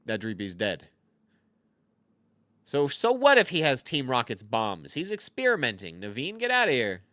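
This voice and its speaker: A man in his thirties talks over his own card game in a casual, rambling way, tossing out jokes and mocking himself. His pitch swings widely and his tone is bright and forceful. The sound is dry and close. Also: dry recording. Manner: rambling, jokey, self-mocking asides. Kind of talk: casual gameplay commentary.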